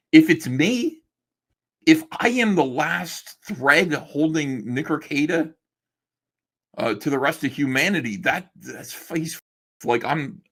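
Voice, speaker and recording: A man's voice: medium pitch, fairly bright tone. A man hosting a livestream from home, ranting in a sarcastic, mocking, rambling way. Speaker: livestream host. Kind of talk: casual livestream rant.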